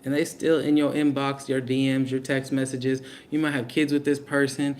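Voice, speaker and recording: A man's voice: medium pitch, level tone, normal speed, a little mellow, a little hiss or hum. A young man giving a casual live tarot reading, blunt and slangy, talking straight to his viewers. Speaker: tarot reader.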